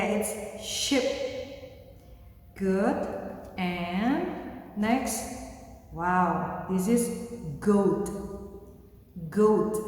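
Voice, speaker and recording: Slow, echoey Indonesian-accented teacher woman. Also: mid-range voice. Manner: slow, simple words with animal sounds. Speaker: kindergarten teacher. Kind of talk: online English lesson for young children. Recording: very echoey room with long reverb.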